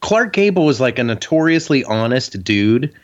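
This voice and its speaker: Here a man co-hosts a podcast full of crude comedic banter, telling stories with gusto and slipping into voices for the people he quotes. He speaks at normal speed in a mid-range voice, and the recording sounds muffled and lo-fi.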